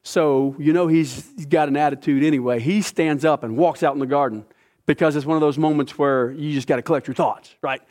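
A man preaching a sermon, retelling a scripture story with lively asides. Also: a little high, fairly quick. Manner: animated storytelling, acting out characters. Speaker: pastor.

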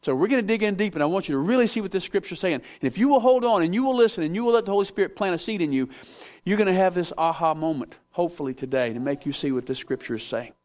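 A man's voice: sits high, expressive, very fast, a little mellow. A middle-aged man preaching a sermon, telling stories with self-mocking humor. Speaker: pastor.

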